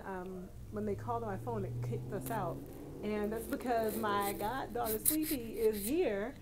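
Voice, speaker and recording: A woman's voice: medium pitch, a little mellow, slight background noise. Chatty woman streaming live from a phone. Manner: chatty, laughs often, greets viewers by name. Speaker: livestream host. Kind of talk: casual livestream chat.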